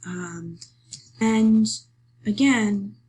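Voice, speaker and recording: A woman teacher walking students through a lesson, patient and explanatory, checking in often with "okay?" and pausing on fillers. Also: medium pitch, darkish tone, a little hiss or hum, low-quality recording. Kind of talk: screen-recorded lesson walkthrough.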